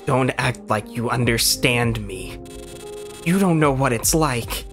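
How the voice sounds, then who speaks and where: A man's voice: fairly low pitch, steady tone, takes it slowly, gravelly. A man reading the lines of a despairing, self-loathing character in a game, weary and bitter, with bursts of swearing. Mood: defensive. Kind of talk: reading game dialogue aloud. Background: game music.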